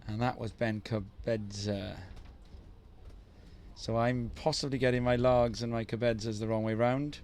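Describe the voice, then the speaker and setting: A man's voice: mid-range voice, level tone, unhurried, a little mellow, slight background noise. Male live surf commentator, middle register, banter-heavy play-by-play. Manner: chatty, teasing banter between play-by-play calls.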